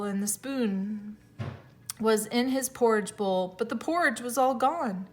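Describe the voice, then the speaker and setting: A woman teacher reading a fairy tale aloud to children, expressive, with small slips and self-corrections. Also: a little high, takes it slowly, faint music behind.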